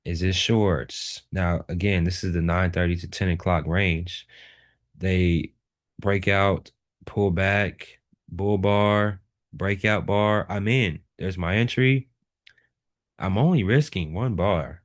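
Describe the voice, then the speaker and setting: Brief: low-pitched male instructor, unhurried delivery, repeats words for emphasis. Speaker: trading instructor. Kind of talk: live chart walkthrough lesson.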